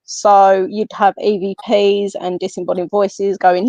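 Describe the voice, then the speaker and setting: An English woman tells a personal story as a podcast guest, chatting casually at a middling pitch. She is animated and acts out the lines of the people in her story. The recording is dry and slightly dull, like lo-fi call audio. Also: unhurried, few pauses, dry recording. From England. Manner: animated, tells the story by acting out what others said. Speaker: guest, medium and paranormal investigator.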